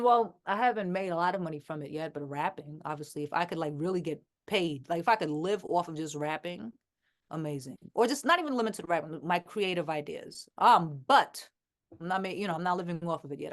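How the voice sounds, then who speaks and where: A woman rapper from Queens with a New York accent, talking bluntly and with plenty of swearing as an interview guest. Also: lowish voice. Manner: blunt, profane, animated. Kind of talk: casual interview chat.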